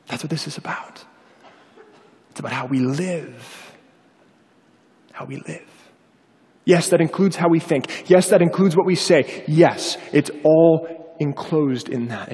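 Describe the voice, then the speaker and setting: A man's voice: fairly high pitch, slow, pauses often, big-room sound. A man preaching a sermon, telling a personal story and acting out the voices of the people in it. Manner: animated, acts out quoted voices.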